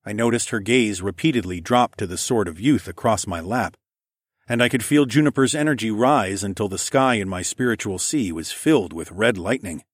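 Low-voiced male audiobook narrator. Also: moderate pace, no room sound, studio quality. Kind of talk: first-person fantasy audiobook narration.

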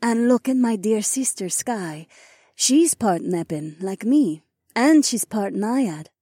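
A man doing a gentle fairy-like young woman. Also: high voice, expressive, slow, slightly rough, dry recording, studio quality, pitched above the performer's own voice, heavily acted. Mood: sweet coaxing. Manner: sweet, coaxing. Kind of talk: audiobook narration.

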